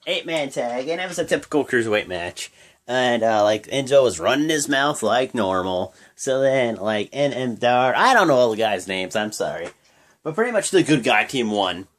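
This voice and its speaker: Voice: medium pitch, fairly bright tone. A vlogger giving a loose, chatty recap of a wrestling show, full of fillers and restarts. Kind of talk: casual spoken recap.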